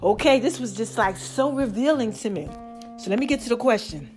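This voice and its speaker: Over faint background music, a podcast host talks fairly quickly in a higher-pitched voice. She's chatty and lively, addressing listeners as "baby" and "y'all," with breathless sighs breaking up her phrases.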